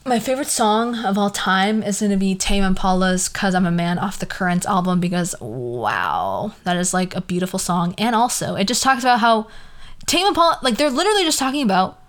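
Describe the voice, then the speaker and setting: A woman's voice: medium pitch, expressive, fairly quick, a bit bright. A young woman hosting a podcast, ranting casually in an exasperated, sarcastic way, swearing freely and trailing off into asides. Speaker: podcast host.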